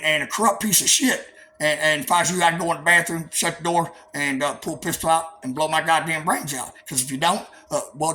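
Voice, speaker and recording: A man's voice: a little high, sharp tone, a little hiss or hum. A man in an angry, profane monologue to his viewers, combative and stammering through many fillers. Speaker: vlogger.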